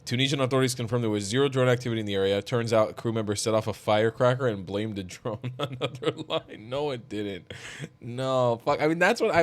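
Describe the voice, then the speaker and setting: A young adult man hosting a reaction commentary, talking bluntly and mockingly, with frequent swearing. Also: medium pitch. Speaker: commentary host.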